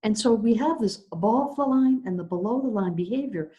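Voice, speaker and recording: Animated woman minister telling a story. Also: on the high side, a little fast, muffled recording. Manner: animated, acts out her own story. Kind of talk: sermon storytelling.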